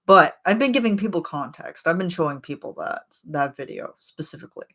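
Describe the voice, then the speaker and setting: A woman of twenty-eight hosts a casual livestream and talks straight to her chat. Her voice sits low for a woman. She rambles and trails off, with lots of "um" and "like" as she goes. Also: lively intonation, brisk, a bit bright. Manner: rambling and chatty, with frequent fillers and laughs. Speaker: livestream host.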